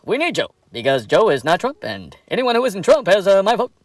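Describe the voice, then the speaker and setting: A man doing a smug halting ex-president parody. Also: high-pitched, huge pitch swings. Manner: halting, drawling with many uh pauses. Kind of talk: comedy sketch impression.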